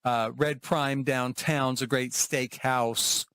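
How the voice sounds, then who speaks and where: A man's voice: medium pitch, steady tone, slow pace, a bit bright, smooth, no room sound. A man from Oklahoma, casually reviewing theme park food and shops on a travel vlog, chatty and rambling with asides. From Oklahoma, USA. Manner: chatty and rambling, with frequent asides, restarts and laughs. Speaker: travel vlogger.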